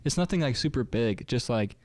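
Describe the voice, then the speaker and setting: A young man chatting on a podcast at a middle pitch, recorded dry with no room sound. He rambles, stacking fillers and trailing off mid-thought. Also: expressive, a little fast, darkish tone, no echo. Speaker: podcast co-host. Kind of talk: casual chat.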